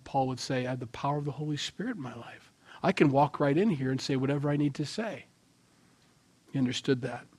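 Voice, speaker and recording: A male pastor preaching a sermon in an animated way, swinging between loud lines and quiet asides. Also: medium pitch.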